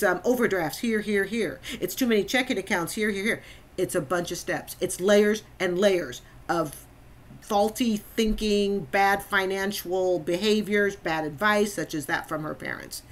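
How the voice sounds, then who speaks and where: A woman hosting a reaction commentary, emphatic and repeating phrases for stress. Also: medium pitch. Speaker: host.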